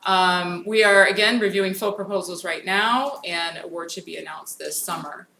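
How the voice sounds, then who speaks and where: A federal grants program speaker with a low, gravelly voice that sounds pushed and bright delivers an informal conference talk on grant programs. She moves briskly and says "um" often, recorded in an echoey hall with faint noise.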